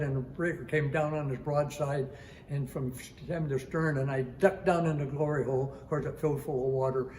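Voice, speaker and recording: A man's voice: a little high, darkish tone, a little hiss or hum. A man in his nineties, a retired master chief, telling a sea rescue story in a vivid, dramatic way, repeating phrases and imitating sounds. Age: 90s. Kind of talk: personal storytelling.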